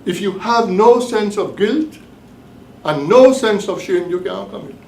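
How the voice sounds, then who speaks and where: A man giving a classroom lecture as the professor leading a course, talking deliberately and emphatically and repeating his key points. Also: high-pitched, expressive, creaky, darkish tone, a little hiss or hum. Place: bookstore cafe classroom. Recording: echoey room, mic at a distance.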